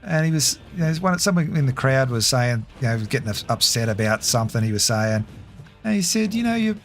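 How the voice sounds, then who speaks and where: A man's voice: medium pitch, expressive, brisk, faint music behind. A man with an Australian accent chatting casually with his livestream viewers while playing a game, laughing often. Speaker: game streamer.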